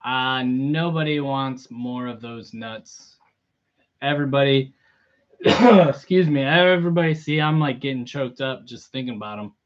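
A man live-streaming a toy unboxing in a relaxed, chatty way, greeting viewers by name. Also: mid-range voice, a little slow, muffled recording. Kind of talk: casual live-stream chat.

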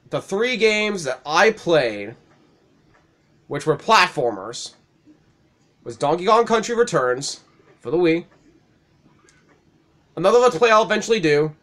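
A young man with a fairly high voice narrates his game in loose, profane commentary. He reacts loudly, swears freely and breaks into laughs as he plays. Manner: profane, excitable, laughs often. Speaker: let's play host.

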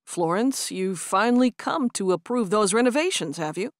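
A woman reading the part of a smitten young man in an audiobook, speaking softly and tenderly. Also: mid-range voice, lively intonation, moderate pace, dry recording, studio quality, lightly acted. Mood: earnest. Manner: soft, tender, pleading.

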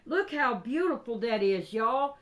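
A woman chatting casually while unboxing craft gifts, gushing and excitable with drawn-out exclamations. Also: on the high side, lo-fi sound. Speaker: crafting vlogger.

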